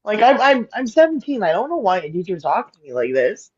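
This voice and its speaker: A blunt woman from Alberta tells stories on a podcast in an animated, outspoken way and swears without holding back. Her voice comes through somewhat dull and lo-fi. Her pitch is middling. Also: a little fast, breathy edge. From Alberta, Canada. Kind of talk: casual chat, storytelling. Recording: dull lo-fi sound.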